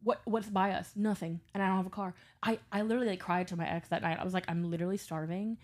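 A young woman from South Louisiana co-hosts a podcast, telling animated stories in casual chat and swearing freely. She has a mid-range voice and a quick pace.

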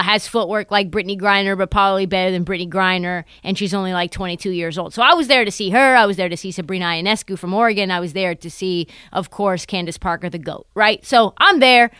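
A woman's voice: medium pitch, fairly bright tone, clear, resonant tone, no room sound. A young adult woman hosting a casual basketball podcast, telling a story with animation and acting out other people's voices. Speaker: podcast host.

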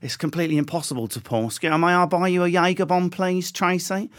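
A man putting on a French accent, playing a smooth-talking French man flirting in a bar. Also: sits high, steady tone, brisk, no room sound, clean studio sound, voice pushed up, natural voice. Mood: flirty. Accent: fake French.

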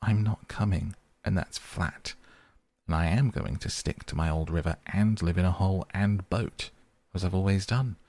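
A man's voice: sits low, moderate pace, gravelly, no room sound. A man reading as a stubborn, dogged Rat. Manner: dogged, flat refusal. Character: stubborn, sceptical male water rat. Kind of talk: soft bedtime audiobook reading.

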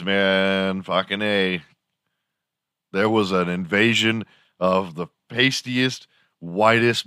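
A man's voice: low-pitched, sharp tone, no echo, studio quality. A man in his fifties hosting a casual solo podcast, rambling and swearing as he jokes and slips into silly impressions. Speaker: podcast host.

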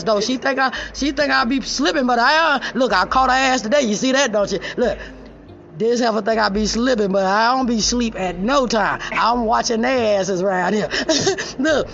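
Woman, podcast host, casual chat, profane teasing banter, muffled lo-fi recording, faint noise behind. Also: mid-range voice.

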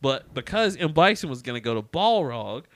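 A man co-hosting a podcast in casual chat, animated and quick to laugh as he rants about bad movies. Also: medium pitch, dry recording. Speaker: podcast co-host.

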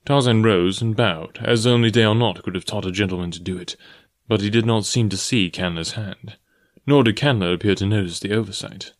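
Low-voiced male audiobook narrator. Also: brisk, no room sound, studio quality. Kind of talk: scripted narration.

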